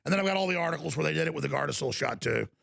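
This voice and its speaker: A man's voice: on the high side, expressive, racing, creaky, noisy background. A man hosting a talk broadcast, ranting and mocking in an indignant way. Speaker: talk show host.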